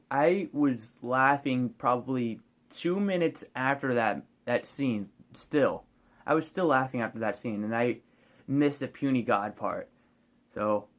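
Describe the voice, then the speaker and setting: A man casually reviewing a movie on his vlog, rambling and hesitant, with many fillers and restarts. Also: medium pitch.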